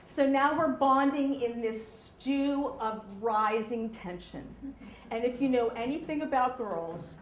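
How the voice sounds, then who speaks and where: A woman telling a true story live on stage, animated, often checking in with the audience. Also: high voice, reverberant.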